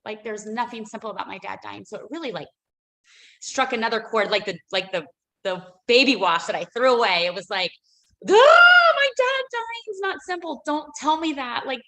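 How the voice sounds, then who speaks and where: A woman with a medium-pitched, slightly bright voice, captured in a rough recording. She is a business owner appearing as a guest on a radio interview, sharing a personal story in an emotional, rambling way full of fillers and restarts.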